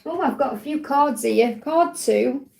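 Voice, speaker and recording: A woman's voice: sits high, expressive, unhurried, creaky, a little mellow. A woman hosting a live stream, reading oracle cards in a chatty, reassuring way and often adding "okay?". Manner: reads card messages aloud. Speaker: psychic reader, livestream host.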